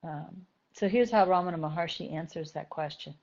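A woman giving a spiritual talk to a group, gentle and thoughtful, repeating key phrases slowly to let them sink in. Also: on the low side, gravelly, dull audio. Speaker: spiritual teacher.

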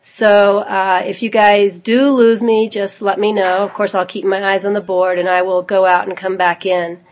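A woman with a cold and a low, husky voice, hosting an online spiritual gathering in a casual, chatty way with many fillers. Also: level tone, moderate pace. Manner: chatty, informal, with frequent fillers and small laughs. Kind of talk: casual address to an online group.

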